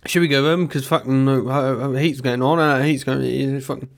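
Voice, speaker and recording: A man's voice: medium pitch, fairly even intonation, fairly quick, creaky. A man co-hosting a podcast, rambling and joking in casual banter, swearing freely and speeding up in bursts. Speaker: podcast co-host.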